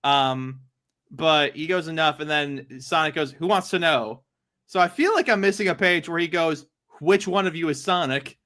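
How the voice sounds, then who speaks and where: A man's voice: fairly high pitch, normal speed, fairly bright tone. A man hosting a casual comic-book chat, laughing often as he retells scenes. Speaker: podcast host.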